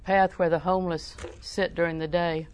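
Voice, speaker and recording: A woman's voice: fairly low pitch, little pitch movement, moderate pace, a little mellow, smooth. An older woman preaching a sermon in a folksy, storytelling way, with emphatic repetition.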